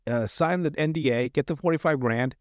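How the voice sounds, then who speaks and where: A man hosts a podcast, casually recapping a TV episode in a slightly high, slightly fast, somewhat mellow voice. He rambles with lots of fillers and restarts and laughs often. The recording is clean studio sound with no room sound.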